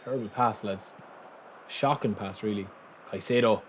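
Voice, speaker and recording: A man streaming a football video game live, thanking viewers and shouting excitedly at his players. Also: mid-range voice, moderate pace, pauses often, a little hiss or hum. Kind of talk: live gaming commentary.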